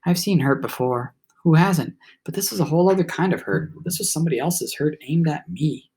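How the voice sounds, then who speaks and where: Male audiobook narrator, first-person storybook, reflective and steady, husky tone. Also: fairly high pitch, a little fast. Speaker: audiobook reader.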